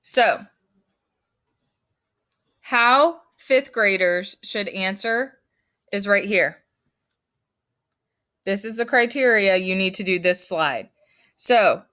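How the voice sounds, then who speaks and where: A woman's voice: medium pitch, sharp tone. A woman teaching her fifth grade class in a recorded lesson, firm and emphatic as she explains step by step.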